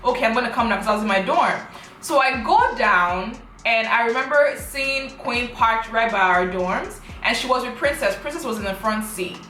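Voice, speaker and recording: A woman's voice: a little high, expressive, normal speed, sharp tone, echoey room, soft background music, poor audio. A young woman, animatedly retelling a personal story on her vlog, full of rhetorical questions. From Africa. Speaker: vlogger.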